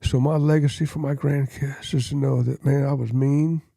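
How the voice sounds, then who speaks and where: An older man with a gravelly, dark voice tells his life story in an earnest, plain-spoken way, now and then putting on the voices of people he quotes. The sound is dry and close, with no room echo. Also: mid-range voice, little pitch movement, moderate pace. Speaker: guest.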